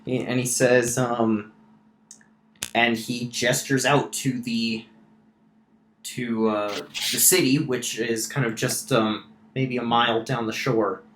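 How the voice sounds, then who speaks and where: A man's voice: mid-range voice, level tone, slow, a bit bright, a little hiss or hum. Male game master, loose filler-heavy narration, echoey room. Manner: casual, many fillers and restarts. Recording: roomy echo.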